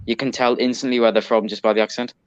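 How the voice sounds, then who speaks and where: A man's voice: mid-range voice, little pitch movement, fast talker. A man from northeast England with a Sunderland accent, chatting as a podcast guest with dry, teasing humor. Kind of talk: casual chat. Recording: dull, dry, lo-fi sound.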